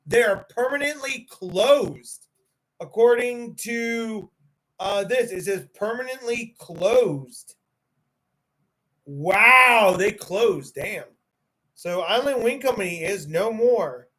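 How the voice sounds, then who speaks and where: A tired man hosting a loose livestream, laughing a lot and swearing freely. His voice sits high and swings widely in pitch, with a bright, forceful edge. He talks at an unhurried pace. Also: animated. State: tired, yawning. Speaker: livestream host. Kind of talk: casual livestream chat.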